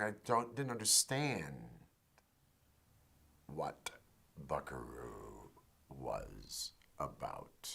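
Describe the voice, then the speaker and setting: A man's voice: deep voice, fairly bright tone. A male actor reflecting on a film role in an interview, musing and repeating himself.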